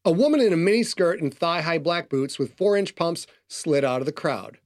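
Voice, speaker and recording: A man's voice: fairly high pitch, expressive, moderate pace. Man narrating with dry matter-of-fact delivery. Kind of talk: scripted audiobook narration.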